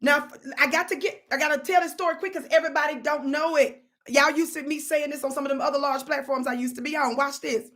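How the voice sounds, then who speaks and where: A woman hosts a casual live stream with a high, bright voice. She talks to her viewers in an animated, preachy call-and-response style. Her storytelling sounds lively and direct. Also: fast. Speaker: livestream host.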